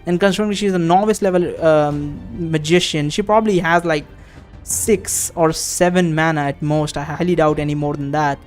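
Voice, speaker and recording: Reading a text adventure's passages aloud, a male game streamer fills the gaps with casual let's-play chatter and offhand swearing as he thinks. He speaks at normal speed in a voice on the high side with fairly even intonation, over soft background music.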